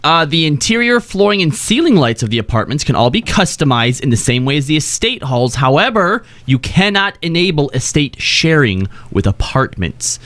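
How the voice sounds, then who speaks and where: Male co-host, high and bright, lively teasing chat. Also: normal speed, hardly any pauses. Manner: joking, laughs often, teasing. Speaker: podcast co-host. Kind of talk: casual chat.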